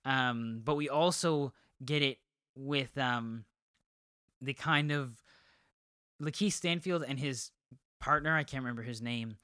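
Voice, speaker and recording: A man's voice: mid-range voice, a little slow, pauses often, pushed and bright, clear, resonant tone, no room sound, studio quality. A man co-hosting a movie podcast, chatting casually with many ums and restarts. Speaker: podcast co-host. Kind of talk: casual chat.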